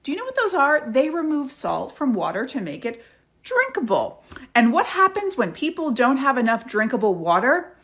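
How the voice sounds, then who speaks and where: Woman ranting news commentary, sarcastic, very lively pitch, kinda high. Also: moderate pace. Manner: dramatic, sarcastic, addresses viewers.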